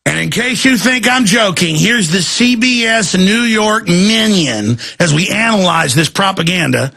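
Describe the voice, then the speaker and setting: A man hosting a talk show, delivering a heated, sarcastic political rant that often breaks into shouting. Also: high-pitched, animated, measured pace, vocal fry.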